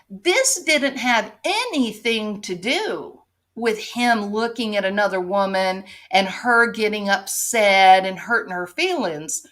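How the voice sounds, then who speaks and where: Sarcastic woman, slow lively commentary. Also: on the high side. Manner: sarcastic, rhetorical tag questions. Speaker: commentary show host. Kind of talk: opinion commentary to camera.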